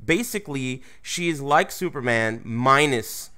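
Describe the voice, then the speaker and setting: A man's voice: medium pitch, animated, a little slow, pushed and bright. A man hosting a casual gaming talk show, loose and joking, who swears freely. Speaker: podcast host. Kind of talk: casual chat.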